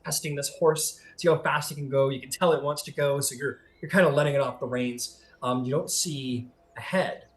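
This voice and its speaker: A man narrates a tabletop role-playing scene as game master, at a middle pitch. He paints the action vividly, stopping often on "um" to gather the next beat. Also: fairly even intonation. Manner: vivid scene-setting with frequent "um" pauses.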